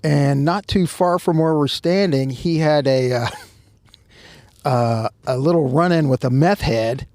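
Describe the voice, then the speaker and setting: A man with a gravelly, fry-edged voice tells a tale outdoors at a truck stop. He is animated and shouts the lines he quotes. His voice sits a little high for a man and sounds dry and close. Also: a little slow, no echo. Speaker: podcast co-host telling a story. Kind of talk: casual storytelling.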